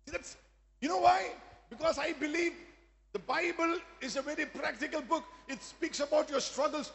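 A man's voice: extremely high pitch, moderate pace, creaky, a bit bright. A man preaching a sermon as pastor, emphatic, often asking the congregation if they are with him. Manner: emphatic preaching with call-and-response asides. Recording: long hall reverb.

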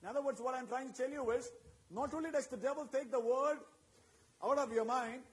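A man's voice: extremely high pitch, brisk, rough recording. A man preaching a sermon with emphatic, repetitive phrasing and call-and-response asides to his congregation.

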